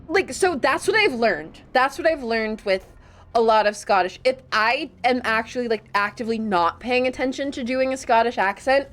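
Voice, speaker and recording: A woman streaming a video game, chatting casually with her audience and playfully protesting their teasing. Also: a little high. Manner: playful, protests teasing from chat with mock indignation. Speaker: VTuber streamer. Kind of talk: casual gaming stream chat.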